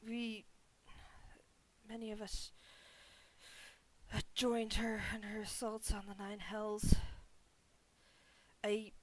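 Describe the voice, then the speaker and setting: Woman whispering as a hoarse, weary vampire man, whispered role-play. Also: mid-range voice, little pitch movement. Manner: faint, pleading, halting. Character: weary imprisoned male elven vampire.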